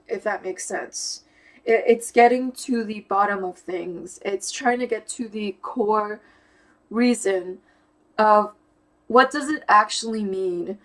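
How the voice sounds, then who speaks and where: This young woman's voice is medium in pitch and a bit bright, and the recording quality is low. Speaking casually to camera as a YouTuber on personality types, she muses about how her mind works, pausing over words, using fillers, and starting over.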